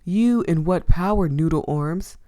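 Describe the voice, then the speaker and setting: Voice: mid-range voice, measured pace, dark tone, natural voice. A woman voicing a cheeky, pun-loving boat companion in a visual novel, with a bouncy and teasing delivery in a raised voice.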